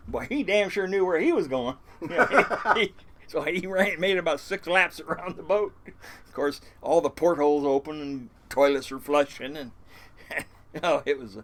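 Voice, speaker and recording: Pitched a little high and at an ordinary pace, with a faint hiss or hum in the recording, an older fishing captain tells rambling stories. The interview is casual, and he swears liberally and chuckles through many false starts.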